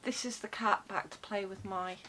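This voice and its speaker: Pushed and bright, her mid-range voice keeps fairly even intonation at a moderate pace. Chatting to camera from a home room where cats roam, she rambles casually into a desk mic with plenty of fillers and wry remarks, and the low-quality audio carries a faint hiss or hum.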